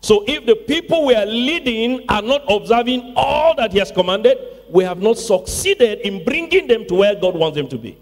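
High-voiced preaching man, slow, in a reverberant church. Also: big pitch swings. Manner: emphatic preaching with repeated phrases and call-outs. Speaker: pastor. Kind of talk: sermon. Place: church sanctuary.

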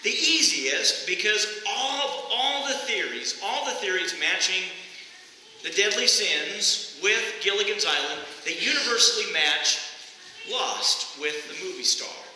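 A man with a high, very bright voice gives a storytelling sermon, often restarting his sentences. He speaks in a church, and the sound rings with heavy echo and a long reverb. A faint hiss sits under the voice. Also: lively intonation, measured pace. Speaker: pastor. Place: church sanctuary.

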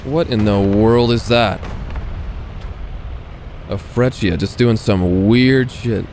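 A man's voice: on the low side, slow, darkish tone, a little hiss or hum. A man giving casual, swearing gameplay commentary as he plays, talking half to himself and half to viewers. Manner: muttering, swearing asides to viewers. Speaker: gaming video creator.

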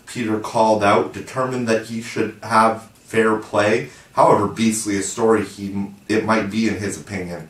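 Brief: male audiobook narrator, measured storytelling, distant roomy mic. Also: lowish voice, a bit bright. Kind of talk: expressive audiobook reading.

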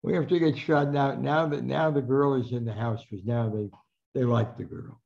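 An older man with a gravelly, mellow voice spins anecdotes as a guest speaker and acts out the voices of the people in his stories. The recording is muffled and lo-fi. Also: medium pitch, normal speed. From New Jersey. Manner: animated anecdotal storyteller, acts out quoted lines. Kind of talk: storytelling talk.

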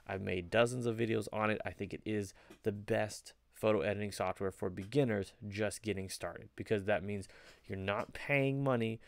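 A man's voice: on the low side, vocal fry, no echo. A young man talking casually to camera as a video creator, rambling a little with plenty of fillers. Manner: conversational, rambling, many fillers. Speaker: photo editing video creator. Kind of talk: casual vlog commentary.

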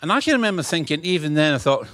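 Middle-aged Scottish man as a guest preacher: humorous storyteller, slightly high voice, dry close mic. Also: very fast, no room sound. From Scotland. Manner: humorous, animated, acts out dialogue. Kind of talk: sermon with storytelling.

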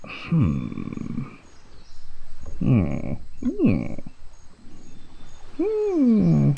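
A man playing a video game and commenting, excitable and jokey, cursing and cheering at his own progress. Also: fairly high pitch, extremely slow, gravelly, highs cut off, a little hiss or hum. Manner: excitable, swearing, joking to himself; blind gamer. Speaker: let's play gamer. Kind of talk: gaming commentary.

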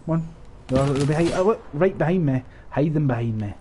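A man's voice: a little high, expressive, brisk, warm tone, slight background noise. A young man giving sarcastic, sweary commentary while playing a shooter at home on a headset. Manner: sweary, sarcastic, laughing often. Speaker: gaming streamer. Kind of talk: casual gameplay commentary.

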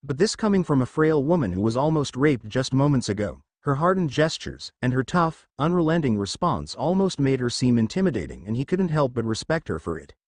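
A man's voice: medium pitch, big pitch swings, a little fast, hardly any pauses, darkish tone, dry recording. A man reading fan fiction aloud as a narrator, telling the story expressively. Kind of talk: scripted fanfic narration.

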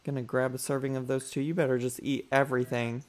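A man's voice: medium pitch, flat delivery, fast. A man giving chatty let's play commentary, calling his viewers y'all and talking back to his character with sass. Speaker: gaming YouTuber.

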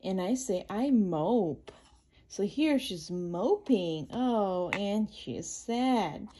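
A woman reads a children's picture book aloud for her channel, pausing to explain each page in plain, simple words. She talks slowly and unhurriedly, in a soft, mellow voice. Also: mid-range voice, lively intonation, a little hiss or hum.

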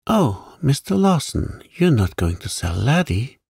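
A man voicing a timid twelve-year-old orphan boy who pleads in a choked voice, in a calm bedtime story reading. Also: medium pitch, takes it slowly, gravelly, breathy edge, dry recording, studio quality, pitched above the performer's own voice, heavily acted. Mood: pleading.

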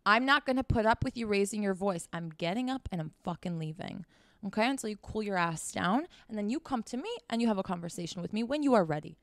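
Woman podcast host, middle pitch, smooth and clear voice, dry close sound; blunt, profane, emphatic advice delivery. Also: expressive, fast, no room sound. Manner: direct, talks straight to the listener with repeated "okay?". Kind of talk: casual advice monologue.

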